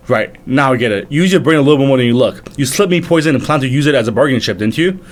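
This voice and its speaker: Man reading aloud as a haughty prince, sneering, fast, animated. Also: medium pitch, close to an everyday voice. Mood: arrogant. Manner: sneering, contemptuous. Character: arrogant haughty male first prince.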